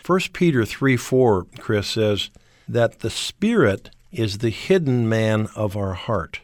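A man co-hosting a radio Bible program who answers calmly and explains the passage point by point. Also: lowish voice, slow pace, no room sound, clean studio sound.

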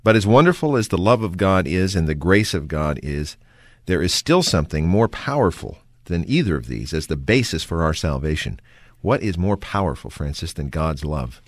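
Male co-host, religious talk show; deep voice, close and dry, steady questions. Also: dry recording. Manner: measured, leading questions. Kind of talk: religious radio discussion.

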